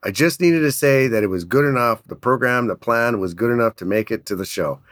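A man telling a business story in an energetic, animated way, laughing often. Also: medium pitch, brisk, no room sound. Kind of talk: casual storytelling.

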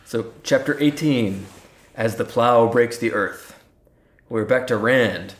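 A man's voice: mid-range voice, slow pace. A man hosting a podcast, chatting casually and joking, with echo around his voice. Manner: relaxed, joking. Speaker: podcast host. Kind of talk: casual chat. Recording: roomy echo.

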